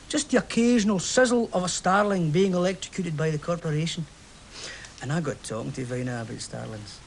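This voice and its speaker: An actor with a Glaswegian Scottish accent playing a chatty, romantic football fan who tells a story with lively swings into hushed tones. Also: male voice, a little high, gravelly, a little hiss or hum. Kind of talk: stage play acting.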